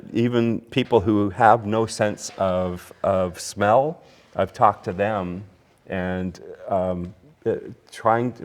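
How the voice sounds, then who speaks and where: A man with a fairly low voice hosts a relaxed whiskey tasting conversation. He talks like a storyteller, circling back on himself with fillers and restarts. His tone stays easygoing and conversational. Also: slow. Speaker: podcast host. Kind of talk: casual whiskey tasting chat.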